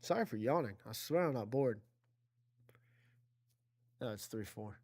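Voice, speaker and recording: A man's voice: mid-range voice, lively intonation, a little slow, darkish tone. A man giving casual play-by-play commentary on an online video game football league, chatty and self-correcting, talking to his chat and rising on big plays.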